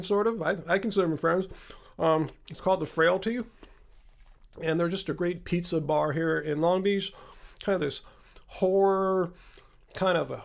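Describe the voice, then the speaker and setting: A man hosting a casual livestream from home, his voice pitched high with a gravelly, fried edge. He rambles along loosely, stopping for ums and chatty side remarks. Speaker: livestream host. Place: home room with laptop.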